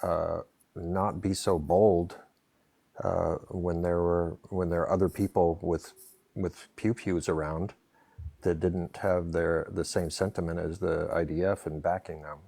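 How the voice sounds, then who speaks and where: A man's voice: low-pitched, flat delivery, measured pace, gravelly, mellow, no echo. A man speaking as a guest on a live online panel, hesitant and full of restarts. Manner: hesitant, many fillers and restarts. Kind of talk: casual live-stream discussion.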